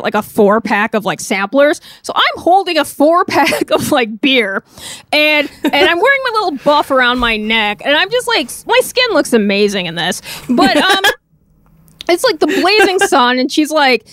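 A woman from Minnesota, a guest telling a story in casual chat, animated and laughing often, with lots of "like" fillers. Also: sits high, no echo, clean studio sound. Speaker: podcast guest, crop artist.

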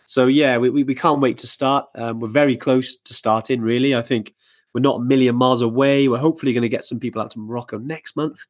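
A man's voice: mid-range voice, fairly even intonation, quick pace. Chatty man co-hosting a live podcast. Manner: chatty, hesitant with many fillers and restarts. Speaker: podcast co-host. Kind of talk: casual live-stream chat.

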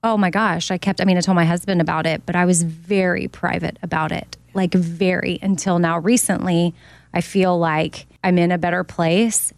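A woman's voice: lowish voice, fairly even intonation, moderate pace, no room sound. A woman hosting a radio show, talking candidly and personally. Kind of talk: casual chat.

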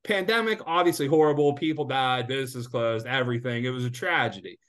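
A man co-hosting a casual podcast, ranting with lots of swearing and animated outbursts. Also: medium pitch, a little fast. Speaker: podcast co-host. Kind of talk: casual sports betting podcast chat.

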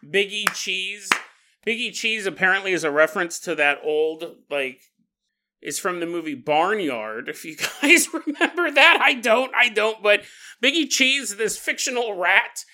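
A man hosting a podcast, telling a joking story with frequent laughs in a playful, animated way. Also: sits high, unhurried. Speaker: podcast host. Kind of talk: comedic storytelling monologue.

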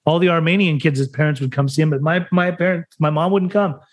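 Higher-voiced American man telling a raw story. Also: fairly even intonation, fairly quick. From United States (Salt Lake City). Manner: emotional, blunt, swears freely, acts out dialogue. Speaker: podcast guest. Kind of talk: candid personal storytelling in conversation.

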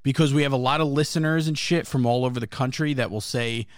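A man's voice: medium pitch, fast talker, clean tone, no room sound. A man co-hosting a sports podcast in casual chat, swearing a lot as he rants like a frustrated fan. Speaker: podcast co-host.

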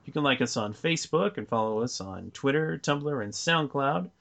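A man's voice: mid-range voice, expressive, normal speed, gravelly, a bit bright. A man hosting a podcast, casually reading out contact links and chatting with co-hosts. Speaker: podcast host.

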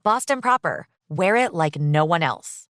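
A woman reading a scripted fashion ad in a smooth, upbeat sales voice. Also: on the low side, expressive, unhurried, heavy background noise. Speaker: ad narrator. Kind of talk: scripted ad read.

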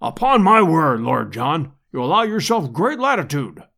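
A man voicing a pompous elderly professor who speaks formally and loudly. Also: on the high side, sing-song, normal speed, gravelly, exaggerated voice.

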